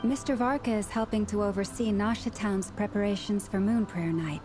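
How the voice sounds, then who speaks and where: Calm female game character, voiced by a woman. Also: mid-range voice, moderate pace, lightly acted. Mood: informative. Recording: game audio over clear music.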